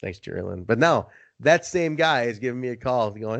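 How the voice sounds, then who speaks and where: Animated storytelling podcast host, man. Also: medium pitch, normal speed, gravelly, dry recording, muffled recording. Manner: animated storyteller, swearing, acting out quoted voices. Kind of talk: casual chat.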